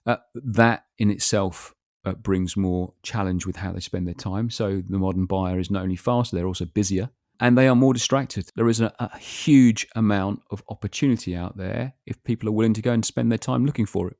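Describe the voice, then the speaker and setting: A man's voice: fairly low pitch, a little fast, hardly any pauses, darkish tone, dry recording, clean studio sound. A man hosting a solo podcast, talking through his ideas in a reflective, rambling way. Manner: reflective, rambling, gives sales advice with example phrases. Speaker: podcast host.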